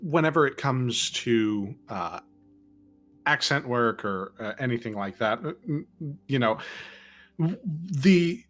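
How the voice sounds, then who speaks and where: Brief: man podcast host, mid-range voice, thoughtful and halting. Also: mid-range voice, animated, a bit bright, faint music behind. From East Texas, US. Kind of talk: casual chat.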